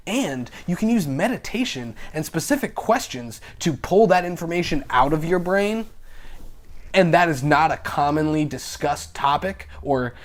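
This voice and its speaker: A young man talking as a podcast guest in casual chat, excitable and animated, swearing freely and laughing often. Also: on the high side.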